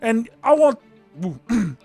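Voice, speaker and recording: A man voicing a small-time male drug dealer in a hammy, deliberately bad Irish accent during a comedic table read. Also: very high voice, fairly even intonation, faint music behind, pitched above the performer's own voice. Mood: complaining.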